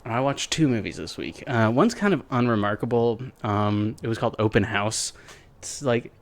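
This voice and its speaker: A man's voice: mid-range voice, expressive, normal speed. A young man co-hosting a podcast in casual chat, joking and swearing freely. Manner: profane, joking. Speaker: podcast co-host.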